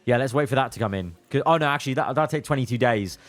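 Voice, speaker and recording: A man giving casual, excitable commentary while playing a racing management game, exclaiming at events and muttering through his plans. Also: mid-range voice, fast talker. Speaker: gaming YouTuber.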